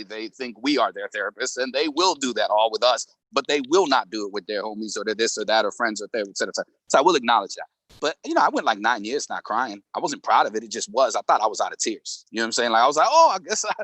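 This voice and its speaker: A man's voice: fairly low pitch, fairly bright tone, dry recording. A middle-aged man talking openly as a panel guest in a casual conversation, emotional and laughing often, with many fillers.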